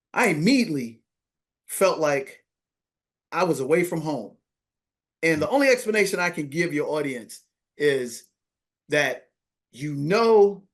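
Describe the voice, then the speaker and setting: A man who is a podcast guest, telling a story in an animated way and acting out the dialogue. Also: on the high side. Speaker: podcast guest, money coach. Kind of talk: storytelling interview.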